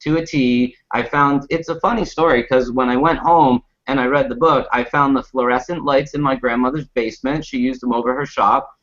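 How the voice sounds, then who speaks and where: A man on a discussion panel telling a funny personal story in a casual, animated way with lots of laughing, on a muffled recording. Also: medium pitch. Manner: animated, laughing anecdote with acted quotes. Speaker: panel guest.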